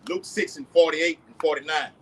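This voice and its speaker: A man with a Southern US accent reading scripture aloud and preaching outdoors, slow and loud. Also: on the high side, very animated, low-quality recording. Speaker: street preacher.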